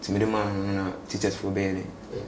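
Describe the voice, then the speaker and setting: A young man from Ghana telling his story in a casual street interview, speaking haltingly and mixing English with local words. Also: deep voice, monotone. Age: young adult. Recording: echoey space with faint background noise.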